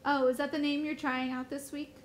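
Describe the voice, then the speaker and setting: A woman's voice: sits high, little pitch movement, brisk, a little hiss or hum, lightly acted, poor audio. A woman teacher reading aloud as an anxious mother who urgently insists on being heard. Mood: insistent. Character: anxious mother shaken by a dream.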